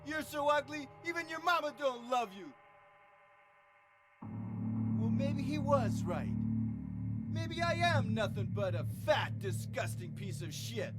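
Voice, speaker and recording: A man's voice: very high-pitched, animated. An actor playing a resentful heavyset young man in a video game cutscene, bitter and menacing. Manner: resentful, menacing, slow and brooding. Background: game soundtrack music.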